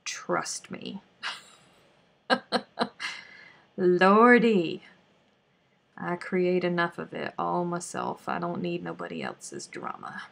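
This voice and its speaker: A woman's voice: lowish voice, huge pitch swings, unhurried, vocal fry, few pauses. A woman with a Southern US accent chatting casually on a crochet live stream, sometimes counting stitches under her breath.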